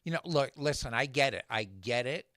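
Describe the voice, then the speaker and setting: A man's voice: mid-range voice, expressive, brisk, bright, forceful tone, dry recording, clean studio sound. Ranting sarcastic middle-aged man. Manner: ranting, sarcastic, mimicking others. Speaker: podcast host. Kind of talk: casual chat.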